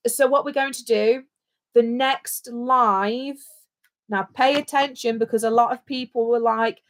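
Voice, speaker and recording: A woman's voice: a little high, steady tone, normal speed, fairly bright tone. A British woman co-hosting a casual livestream, chatting in a rambling, jokey way. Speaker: livestream co-host.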